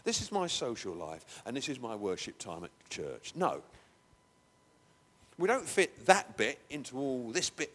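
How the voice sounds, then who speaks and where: A man preaches a conversational sermon in a church, now and then breaking into emphatic, raised bursts. His voice is slightly high and a bit bright with a breathy edge, heard with long hall reverb.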